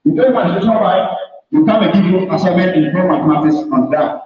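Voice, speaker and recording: A man's voice: high-pitched, fairly quick, faint music behind. A man from Ghana, a mathematics teacher, giving an emphatic orientation talk to new students and addressing them directly. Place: large hall. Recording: echoey hall, distant mic, dull sound.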